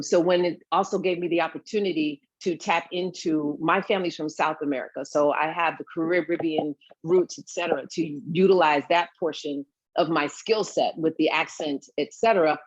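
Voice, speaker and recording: A woman from Brooklyn, New York, a guest actress chatting in an interview, telling lively stories and acting out the voices she quotes. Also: low-pitched, no room sound, muffled recording. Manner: animated storyteller, acts out quoted voices. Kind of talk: casual interview chat.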